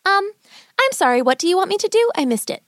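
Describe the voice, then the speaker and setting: A woman voicing a clever, chatty young girl in a bedtime story, talking in a quick, bright, rambling way. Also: high voice, big pitch swings, no room sound, clean studio sound, pitched above the performer's own voice. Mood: stalling chatter.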